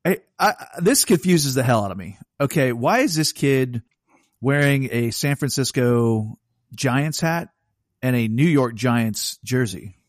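A man's voice: medium pitch, animated, a little slow, no echo, clean studio sound. A man on a podcast as a guest, talking about a film in a puzzled, questioning way. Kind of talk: casual film chat.

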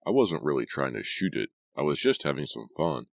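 A man's voice: a bass voice, very animated, fairly quick, vocal fry, dry recording, full character voice. A man reading the lines of a cocky, smug teenage boy in an audiobook, sarcastic in tone.

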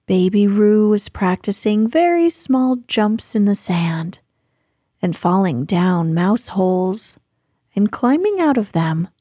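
A woman reads a children's storybook aloud at a very slow, unhurried pace. Her voice is mellow and breathy, recorded close and dry. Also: on the high side, no room sound. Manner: gentle, unhurried. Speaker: narrator. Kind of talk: storybook reading.

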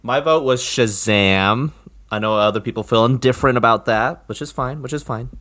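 A man's voice: medium pitch, normal speed, a bit bright. A young man co-hosting a casual movie podcast, laid-back and trailing off into fillers. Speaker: podcast co-host.

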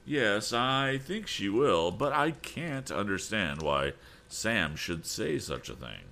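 A man voicing a proud, puzzled middle-aged banker who speaks formally and haltingly. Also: on the low side, big pitch swings, creaky, sharp tone, a little hiss or hum, pitched above the performer's own voice, heavily acted. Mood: stiff.

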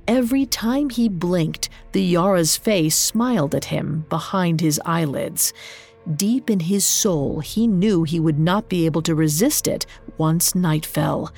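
Female storyteller, lower voice, unhurried scripted narration over faint music. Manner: measured, even storytelling delivery.

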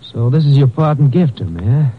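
An actor playing a sly, menacing young male blackmailer in a vintage radio drama, talking with a slow folksy drawl. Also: mid-range voice, animated, breathy edge. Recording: muffled old radio recording.

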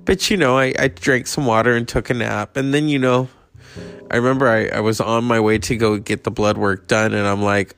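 Male podcast host, gravelly, unhurried, meandering monologue. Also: mid-range voice, fairly even intonation, faint music behind. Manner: rambling, meandering, many fillers.

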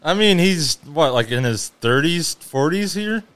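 A man's voice: fairly high pitch, lively intonation, a little slow, a bit bright. A man in a casual movie commentary podcast, making sarcastic, profane wisecracks. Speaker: podcast co-host.

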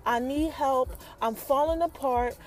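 A woman voicing a remorseful grown man who pleads for help in a quiet, shaky way. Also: high voice, unhurried, faint music behind. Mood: pleading.

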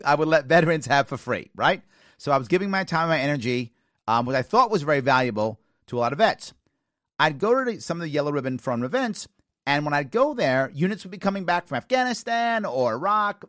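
An American man in his forties hosting a talk show, telling stories in an animated way, acting out quoted lines and giggling now and then. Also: fairly high pitch, no room sound, studio quality. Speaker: radio talk show host. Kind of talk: casual talk show monologue.

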